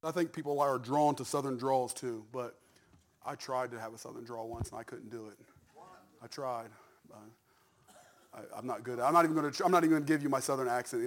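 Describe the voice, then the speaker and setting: A male pastor preaching a fervent sermon to his congregation, dropping to a hush and then rising to a shout. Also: medium pitch.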